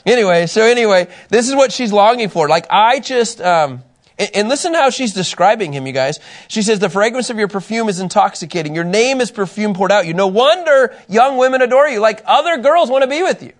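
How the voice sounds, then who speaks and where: Man, middle-aged, fairly high voice, animated, chatty Bible teacher, self-deprecating humor. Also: a little fast. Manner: animated, chatty, often laughing at himself. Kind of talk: casual teaching with personal stories.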